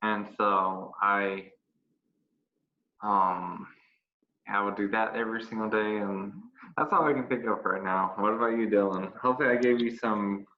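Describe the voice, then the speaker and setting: A man's voice: on the low side, fairly even intonation, normal speed. A young man telling embarrassing stories in a candid, rambling, self-mocking way during a casual chat. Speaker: co-host. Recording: lo-fi, echoey room.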